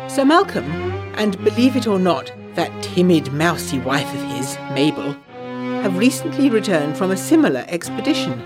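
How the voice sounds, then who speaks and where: A woman narrating a letter in an audio drama, eager and gossipy with quick asides. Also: fairly low pitch. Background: jazz music.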